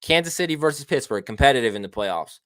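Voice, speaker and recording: A man hosting a casual sports talk show, slangy and profane, brash and excitable with his opinions. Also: mid-range voice, quick pace, clean tone, dry recording, studio quality. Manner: slangy and profane, with frequent "man", "bruh" and "baby". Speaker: show host.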